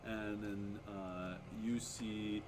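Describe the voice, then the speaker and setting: A man running a tabletop game as game master, describing scenes with many pauses and fillers. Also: lowish voice, flat delivery. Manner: hesitant, many fillers, chuckling. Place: backyard or living room, home table. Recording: noisy home table recording.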